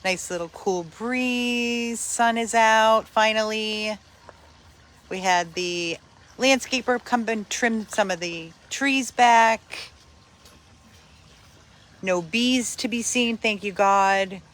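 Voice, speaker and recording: A woman hosting a casual live stream for a dog rescue from outdoors on her phone, greeting viewers by name and breaking into high sing-song baby talk with the dogs. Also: slow pace, a bit bright. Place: outdoors in a yard.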